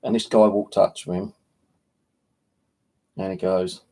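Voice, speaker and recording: A man talks in a loose, rambling livestream chat, swearing freely and leaning on filler words. His voice sits low, with a gravelly rasp and a husky edge. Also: level tone, unhurried, long pauses, mellow. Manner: rambling, sweary, heavy "you know" filler. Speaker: paranormal channel host.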